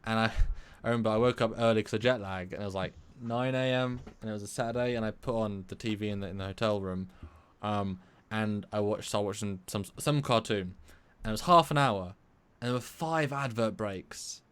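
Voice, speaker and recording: Man, from England, live stream co-host, animated, rambling, restarts. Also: on the low side, a little fast, few pauses, smooth.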